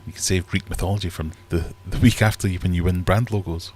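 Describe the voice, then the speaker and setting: A middle-aged man from Scotland hosts a casual live stream from his home fish room, chatting in a rambling, self-deprecating way. His low, husky, slightly mellow voice is fairly even in intonation, and he talks fast.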